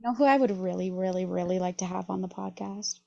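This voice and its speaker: A woman's voice: lowish voice, a little fast, gravelly, darkish tone, muffled recording. A young woman co-hosting a podcast, chatting casually in a playful, teasing way and swearing offhandedly. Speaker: podcast co-host. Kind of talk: casual chat.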